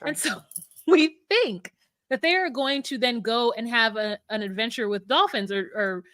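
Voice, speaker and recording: A young woman with a bright, slightly high voice chats animatedly through a reality-show recap. She acts out the quotes as she goes. The sound is dry and close, with no room echo. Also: moderate pace. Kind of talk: casual recap chat.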